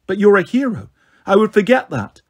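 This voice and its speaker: A man reading aloud as a shaken middle-aged father who stumbles over his words, in a husky voice. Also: sits high, big pitch swings, a little fast, a little mellow, pitched above the performer's own voice.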